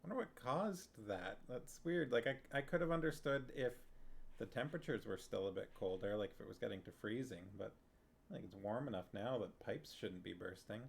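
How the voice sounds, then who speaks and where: A man's voice: on the low side, expressive, a little fast, creaky. A man streaming live, chatting casually and rambling as he reacts to messages from his viewers. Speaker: streamer reading a book with viewers.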